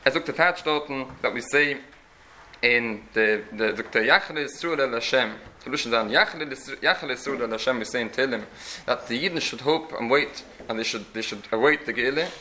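A man's voice: medium pitch, brisk, sharp tone, slight background noise, poor audio. A man teaching a religious lecture in an earnest, explanatory way, often restarting his phrases. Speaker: Torah teacher.

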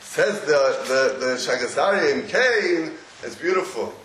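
A man giving a Talmudic lecture to a small audience, halting, many restarts and frequent laughs. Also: medium pitch. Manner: animated, halting with repeated restarts, laughs often. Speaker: Torah teacher. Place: echoey room with a live audience. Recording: roomy echo, faint noise.

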